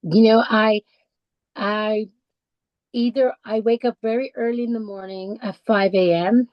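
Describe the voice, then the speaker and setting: A woman guest on a podcast, telling her own story in a halting, heartfelt way with many restarts and fillers. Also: fairly high pitch, steady tone, no echo, lo-fi sound. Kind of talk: personal conversational storytelling. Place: lives in the English countryside.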